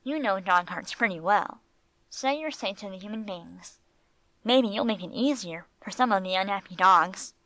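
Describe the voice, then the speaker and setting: A woman's voice: mid-range voice, lively intonation, normal speed, a bit bright, dry recording, lightly acted, rough recording. A woman voicing Gringo, a good-natured old male dog who jokes in a grave, dry way, in a storybook reading. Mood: amiable.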